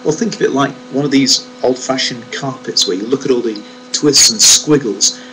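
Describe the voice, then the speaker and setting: A man's voice: mid-range voice, normal speed, rough recording. A man giving a reflective devotional talk on a Bible verse, emphatic and fond of rhetorical questions. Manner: emphatic, rhetorical questions, stresses key words. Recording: steady mains hum under the voice.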